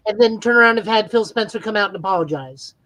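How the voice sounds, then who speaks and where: A woman's voice: medium pitch, quick pace, fairly bright tone, no room sound, poor audio. Blunt, wry woman on a dry mic. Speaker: podcast co-host. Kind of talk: casual gaming podcast chat.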